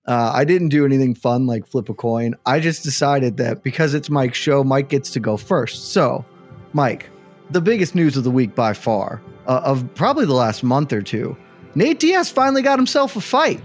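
A man hosting a sports panel show, introducing guests in a playful, excited announcer style. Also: medium pitch, normal speed, faint music behind. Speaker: host.

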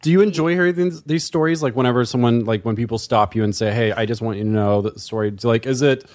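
A man's voice: mid-range voice, quick pace, a little mellow. A man hosting a casual interview, asking probing questions in a playful way. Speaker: podcast host.

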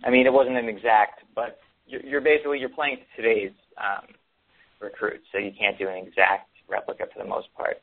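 A man's voice: lowish voice, steady tone, fairly quick. A man co-hosting a casual sports talk show, rambling with many ums and restarts. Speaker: podcast co-host. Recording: tinny phone-like sound.

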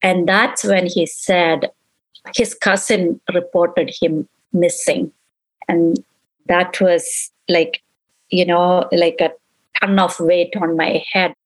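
Mother recounting loss, halting and emotional. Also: on the low side, fairly even intonation, low-quality recording. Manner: halting, repeats herself, relives quoted dialogue. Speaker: interviewee, mother of victim.

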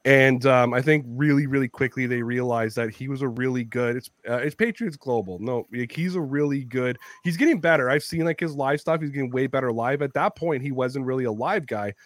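A Canadian man telling profane, animated stories while hosting a casual chat. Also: mid-range voice, brisk, few pauses, no echo. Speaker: podcast host.

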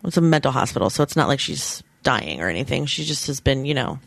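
A woman in her thirties hosts a podcast, chatting candidly with self-deprecating humor and acting out quoted lines. Her voice is extremely low, sing-song, fast, and full of vocal fry, with no room sound.

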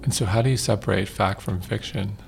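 A man's voice: fairly low pitch, fairly quick, creaky, a little hiss or hum. A man interviewing a guest, asking brief questions and giving encouraging prompts. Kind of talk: interview questions and short replies.

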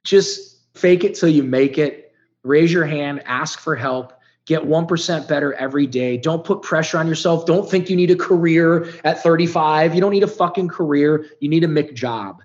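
A man's voice: fairly high pitch, moderate pace, highs cut off. Emotional, profane man in his fifties. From Ohio, United States. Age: 50s. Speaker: podcast guest. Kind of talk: candid storytelling interview.

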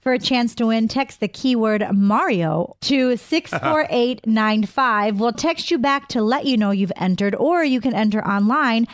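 A woman's voice: fairly high pitch, unhurried, few pauses, no echo. A woman co-hosting a radio show, chatting in a friendly way on a studio mic. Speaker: radio co-host. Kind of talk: casual radio chat.

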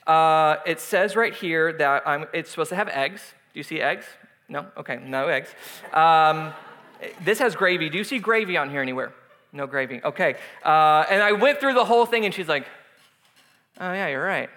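Bright high-voiced man preaching in a hall. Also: expressive, moderate pace. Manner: conversational storytelling with humor, laughing often. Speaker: pastor. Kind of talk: sermon.

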